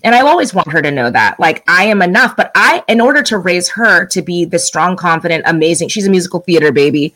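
Animated middle-aged woman telling a story. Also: fairly low pitch, fast talker, few pauses, poor audio. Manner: animated storyteller, acts out quoted lines. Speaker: guest. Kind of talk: casual chat.

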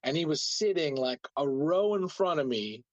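A man's voice: a little high, expressive, normal speed, no room sound, highs cut off. A man hosting a casual conversation, telling a story in a rambling way with lots of filler words.

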